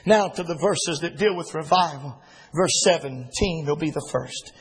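A male pastor preaching a fervent sermon from the pulpit, often pausing on "uh" and rising to shouts. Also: high-pitched, breathy edge, poor audio. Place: church sanctuary.

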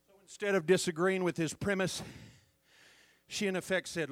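A man's voice: high voice, steady tone, normal speed, long pauses, no echo. A man preaching a sermon as pastor, fervent and calling out to the congregation for responses.

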